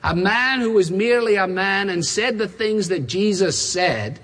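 A man preaching a sermon in a large church, his voice pitched high and somewhat husky. He drives his points home emphatically, stacking one repeated phrase on another. A long reverb trails behind every line. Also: expressive, a little slow, a bit bright.

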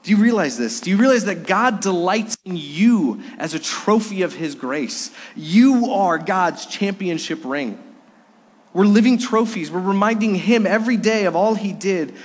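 A man preaching a sermon as pastor, earnest, dropping to a hush on key words. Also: high-pitched, animated, unhurried, husky, big-room sound. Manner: earnest, drops to a hush for emphasis.

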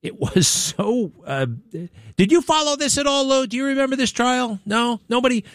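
A man's voice: moderate pace, no echo, clean studio sound. A male talk show host from the United States, rambling through a casual on-air monologue and asking his crew questions as he goes. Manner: rambling, animated, with exaggerated pitch swings.

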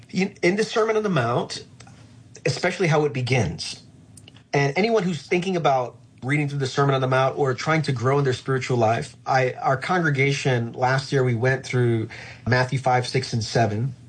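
A man, a pastor, talks through matters of faith in an interview, his voice somewhat husky. He speaks earnestly and slows down on the points he wants to land. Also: medium pitch. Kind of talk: reflective faith conversation.

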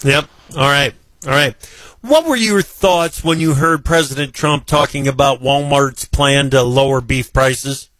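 A male host interviewing a guest, brisk and friendly, with joking asides. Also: medium pitch, a bit bright, dry recording. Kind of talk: casual interview hosting.

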